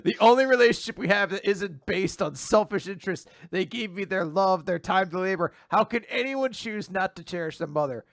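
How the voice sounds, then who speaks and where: Brief: a man doing a fussy, pompous mama's-boy villain, mock-French lilt, a touch high, gravelly edge. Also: a little fast, few pauses, no room sound, clean studio sound. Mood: ranting.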